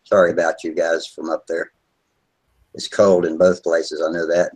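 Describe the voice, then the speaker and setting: A man hosting a live video hangout from home, talking in a relaxed, rambling way with plenty of filler words over a video call. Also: sits low, moderate pace, low-quality recording. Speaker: host of a model airplane video hangout. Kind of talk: casual live chat.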